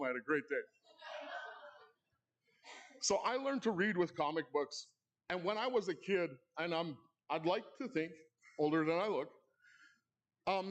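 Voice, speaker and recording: A man's voice: on the high side, muffled recording. A man hosting an awards ceremony, telling a comic story with playful asides to the audience at a live event. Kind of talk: comedic storytelling monologue. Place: live event in a club hall.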